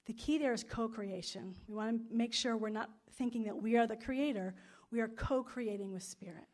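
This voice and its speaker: A woman's voice: on the high side, normal speed, darkish tone. A woman pastor delivering a sermon and a spoken prayer to a congregation in a room, repeating phrases in rolling, emphatic lists. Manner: storytelling with acted-out quotes.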